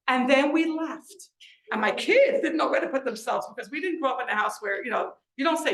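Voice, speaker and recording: A middle-aged woman gives an inspirational talk at a lecture event, telling stories with lively animation and jumping up high in pitch whenever she acts out someone else's words. Her voice sits at an ordinary middle pitch for a woman. The recording carries the roomy echo of a lecture room. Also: fast talker. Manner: animated storyteller, acts out quoted voices with big pitch leaps. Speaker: author and lecturer.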